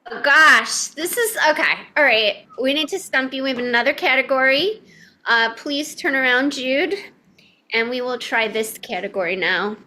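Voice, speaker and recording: Bright, high, bubbly woman hosting an online improv game. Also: moderate pace. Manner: bubbly and excitable. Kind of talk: lively online improv show chat.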